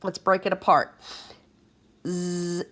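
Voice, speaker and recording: A woman's voice: lowish voice, slow. A woman teaching a second grade phonics lesson, patient and encouraging as she sounds out words for children.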